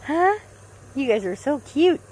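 Lady cooing at her puppies outside in a yard, very high voice that swoops all over, faint outdoor noise behind. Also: big pitch swings, unhurried, a little mellow. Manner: high sing-song baby talk to pets. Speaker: dog owner filming puppies. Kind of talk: casual chat to puppies.

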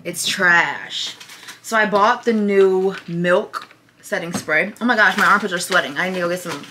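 Young woman vlogger, casual storytime chat into a phone camera, lower-pitched voice, candid and talkative with lots of "like". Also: moderate pace, bright, forceful tone, a little hiss or hum. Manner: candid, chatty, filler-heavy with frequent "like". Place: indoors at home. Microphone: phone camera at close range.

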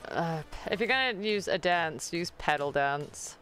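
A man's voice: on the high side, animated, measured pace, pushed and bright, soft background music. A man from the UK chatting casually during a game stream, bossy and laughing often. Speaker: co-player, streamer guest. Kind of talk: casual gameplay chat.

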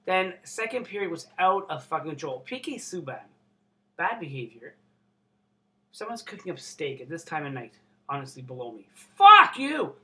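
Excitable swearing young man. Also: a little high, moderate pace. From Canada. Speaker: vlogger. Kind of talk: casual unboxing vlog.

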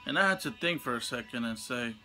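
Bright-voiced young man ranting profanely. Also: expressive, fairly quick, faint music behind. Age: young adult. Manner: profane, heated venting with sudden high outbursts. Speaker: vlogger telling a story. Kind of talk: casual storytime rant.

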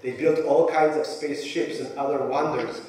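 A man's voice: fairly high pitch, fairly even intonation, moderate pace, a little mellow, a little hiss or hum, lightly acted. A man voicing an eager eleven-year-old immigrant boy who earnestly recites his own story. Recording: echoey hall from far off.

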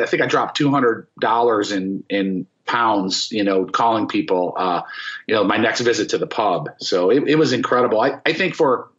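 A man in his fifties from Florida, a former rock bassist, telling stories as a podcast guest in an excited, rambling way with many fillers and restarts. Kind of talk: casual storytelling interview. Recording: dull lo-fi podcast audio.

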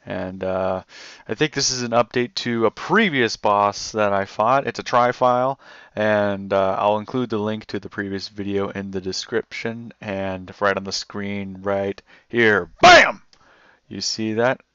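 Excitable man doing game commentary. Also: on the low side, clear, resonant tone, no room sound, dull audio. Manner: excitable, swearing, yelling at the game. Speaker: gamer. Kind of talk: let's play commentary.

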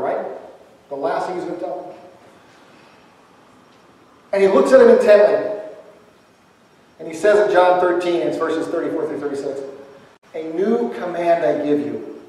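A man's voice: high-pitched, a little mellow. A male pastor preaching a sermon in a church, talking conversationally with humor and asking the congregation questions. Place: church sanctuary. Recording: echoey church hall from far off.

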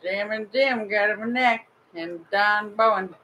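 A man's voice: high-pitched, a little slow, sharp tone, slight background noise, low-quality recording. A man co-hosting a livestream, reading out viewer comments in a playful, giggly way. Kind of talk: casual livestream chat.

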